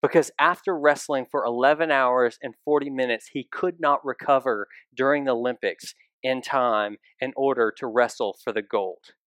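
A man's voice: mid-range voice, moderate pace, few pauses, a bit bright, no room sound, studio quality. A man preaching a sermon as pastor, talking conversationally and putting direct questions to his listeners.

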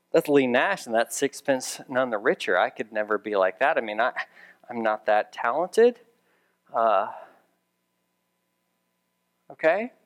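A man preaching a sermon as pastor, conversational with dry humorous asides, building to emphatic raised repetitions. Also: medium pitch.

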